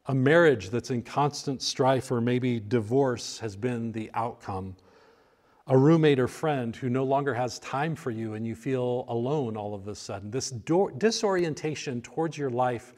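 A man preaching a sermon, reflective, his voice swelling and then falling to hushed lines. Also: medium pitch. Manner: reflective, rises and drops to near hushed lines. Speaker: pastor.

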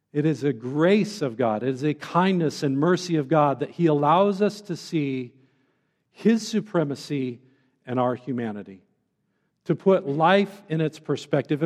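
A man's voice: on the high side, darkish tone. Earnest preaching man in a reverberant hall. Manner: earnest, conversational, with tag questions. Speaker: pastor. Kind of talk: sermon. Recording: long reverb in a large hall.

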